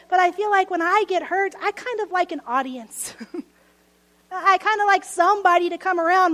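A woman's voice: extremely high pitch, a bit bright. A woman preaching a sermon in an earnest way, breaking into little laughs between phrases. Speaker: pastor.

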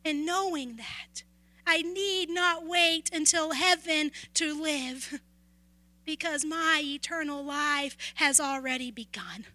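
A woman preaching a sermon and telling personal stories in an earnest way, sometimes dropping to a hush. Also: high-pitched, slow pace, no echo. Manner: earnest storytelling, dropping to a hush at key moments.

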